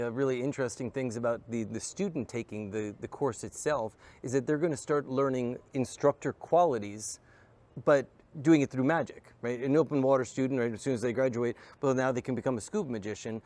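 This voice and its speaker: A fast-talking man spins stories in a loose, animated way, checking in with "right?" and "you know" as he goes. He sits at a middling pitch for a man and keeps an easy, conversational rhythm. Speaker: scuba instructor and magician, guest. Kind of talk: casual storytelling chat.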